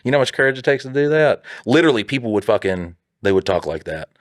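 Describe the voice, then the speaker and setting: A man from the Southern United States in his thirties, with a Southern American accent, co-hosting a podcast as an animated, profane storyteller. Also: mid-range voice, fast talker, no echo, clean studio sound. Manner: animated, profane storyteller who laughs through his stories. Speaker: podcast co-host. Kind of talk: casual podcast chat.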